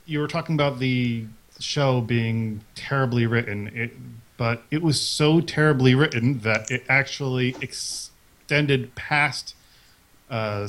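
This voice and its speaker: A man's voice: mid-range voice, fairly bright tone. Joking man on a podcast. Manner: offhand, joking trivia-teller. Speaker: podcast co-host. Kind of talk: casual podcast chat.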